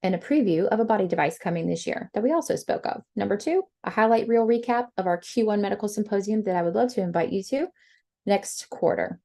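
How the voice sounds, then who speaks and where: A young woman giving lively, chatty sales coaching on a group call, acting out bits of dialogue. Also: mid-range voice, quick pace. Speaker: sales trainer.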